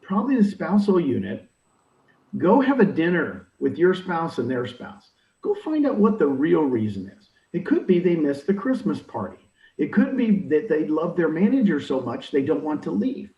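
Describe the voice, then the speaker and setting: An older man coaching in an emphatic, animated way, acting out the people he quotes. His voice sits fairly high and swings widely in pitch. He sounds far from the mic in an echoey room, with dull audio. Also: normal speed. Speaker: real estate recruiting leader. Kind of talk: energetic coaching talk. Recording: roomy, distant, dull audio.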